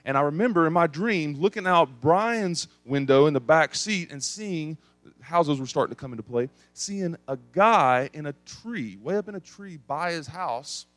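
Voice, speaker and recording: A young adult man from East Tennessee with an East Tennessee accent, preaching a sermon and telling a story with big swings in pitch and volume. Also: lively intonation, moderate pace, fairly bright tone, no echo. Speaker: pastor.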